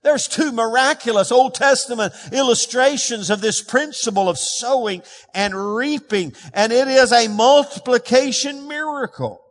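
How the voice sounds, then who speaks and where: A man's voice: very high voice, measured pace, few pauses, fairly bright tone. A man preaching a sermon as pastor, emphatic and calling on the congregation to respond. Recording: long reverb of a large hall.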